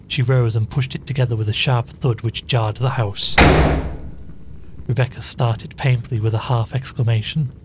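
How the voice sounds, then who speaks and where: A man narrating a classic short story with an even, measured reading. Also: mid-range voice, a little hiss or hum, rough recording.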